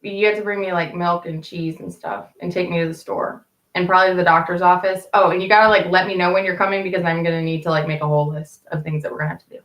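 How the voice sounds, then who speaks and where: A woman's voice: fairly low pitch, steady tone, fast, echoey room, dull audio. A woman telling candid stories to her live viewers in a rambling, casual way, swearing freely. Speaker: live streamer chatting with viewers. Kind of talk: casual storytelling to a live chat.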